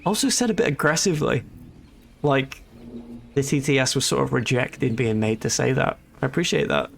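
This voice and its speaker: A man's voice: medium pitch, normal speed, gravelly, slight background noise. A man chatting casually and joking while live-streaming a video game, laughing often.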